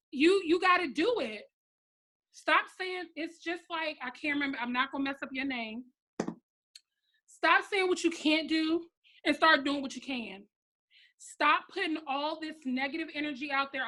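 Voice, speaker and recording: Bright-voiced sassy woman in her thirties. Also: high-pitched. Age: 30s. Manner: blunt, sassy and animated, talks straight to her team. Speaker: network marketing team leader. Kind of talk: motivational pep talk on a live stream.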